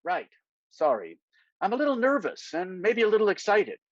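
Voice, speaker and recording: Man playing young male aide, earnest, nervous, a bit pompous, high voice, lo-fi dry. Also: sing-song, normal speed, no echo. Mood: eager, nervous. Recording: dry, slightly dull lo-fi sound.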